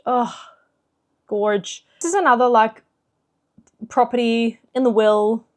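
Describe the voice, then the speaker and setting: A woman's voice: fairly high pitch, slow pace. Chatty woman book vlogger. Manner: chatty and animated, with fillers. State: slightly out of breath. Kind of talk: casual chat.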